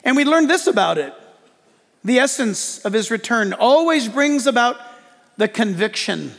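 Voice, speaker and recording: A male pastor preaching a lively sermon in church, joking and acting out quotes as he goes. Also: very high voice, moderate pace, creaky, big-room sound. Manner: animated preaching with jokes and acted-out quotes.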